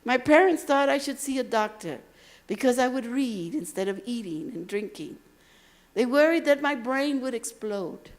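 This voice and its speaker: Brief: Texas-raised woman motivational speaker, gravelly voice, dramatic pauses, storytelling delivery. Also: fairly high pitch, expressive. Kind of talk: motivational speech. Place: university lecture hall.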